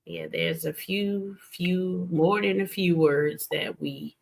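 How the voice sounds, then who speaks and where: A woman's voice: fairly low pitch, takes it slowly, gravelly. A woman hosting a late-night stream, talking casually and getting emphatic as she tells stories. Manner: animated, emphatic storytelling. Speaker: streamer host. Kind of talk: casual chat. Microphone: streaming setup.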